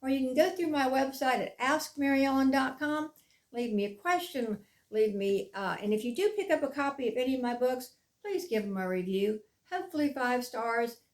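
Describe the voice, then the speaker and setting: Earnest woman coach, slightly high voice. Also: lively intonation. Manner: earnest, emphatic, with slow deliberate stresses. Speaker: mindfulness coach. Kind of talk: motivational talk to camera.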